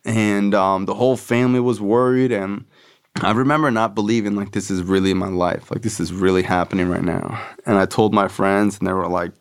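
A man's voice: fairly low pitch, fairly even intonation, moderate pace, clean tone. A young man hosting a podcast, telling a personal story in a loose, profane way and acting out the voices of people he quotes. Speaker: podcast host. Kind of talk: casual storytelling.

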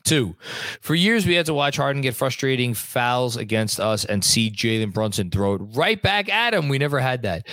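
A man's voice: mid-range voice, big pitch swings, moderate pace, fairly bright tone, no echo. A young adult man hosting a casual sports live stream from home, reading out viewer comments with a rambling, chatty manner and some swearing. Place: home room at a computer.

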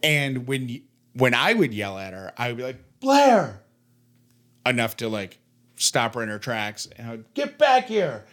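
A man co-hosting a podcast in casual chat, animated and playfully mimicking others as he tells stories. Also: mid-range voice, normal speed. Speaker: podcast co-host.

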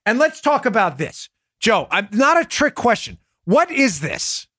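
A man's voice: extremely high pitch, very animated, unhurried, bright, forceful tone, no echo, clean studio sound. A man hosting a political commentary show, talking in an emphatic, mocking, sarcastic way. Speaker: podcast host.

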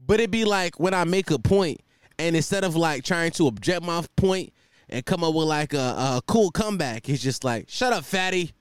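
A man's voice: fairly high pitch, animated, normal speed, clean tone, dry recording, studio quality. A man hosting his own podcast, riffing in a joking, profane, rambling way from a hot room at home. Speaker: podcast host. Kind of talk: casual comedic monologue. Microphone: desk microphone.

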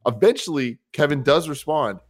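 A man co-hosting a casual chat show, telling animated stories with frequent laughter and swearing. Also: on the high side, moderate pace. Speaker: co-host.

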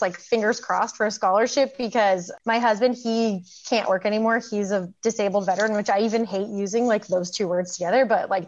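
A woman's voice: fairly high pitch, highs cut off. A woman in her thirties, a program graduate, telling her story casually with many fillers and frequent laughs. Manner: chatty, lots of fillers, laughs often.

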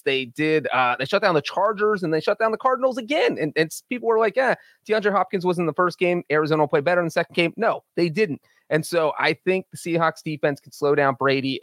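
A man's voice: a little high, fairly bright tone, no room sound, clean studio sound. A man co-hosting a sports betting podcast, talking in a confident, joking way. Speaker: podcast co-host. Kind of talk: casual sports betting chat.

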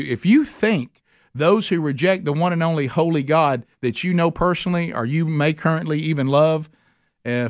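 A man's voice: fairly high pitch, no echo, clean studio sound. Earnest man teaching scripture. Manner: earnest and emphatic, with folksy plain talk. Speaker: Bible study teacher. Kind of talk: conversational sermon teaching.

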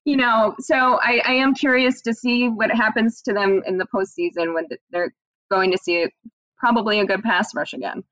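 A woman from near Pittsburgh, a TV sports reporter, answering interview questions in a relaxed way with easy laughs over a remote call. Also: medium pitch, normal speed, no echo, muffled recording. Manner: relaxed, laughing easily, lots of fillers. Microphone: remote computer call.

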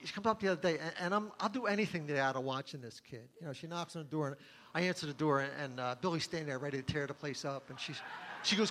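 A middle-aged man doing a stand-up comedy set, delivering crude one-liners in a deadpan, offhand way. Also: fairly high pitch, quick pace, a little hiss or hum.

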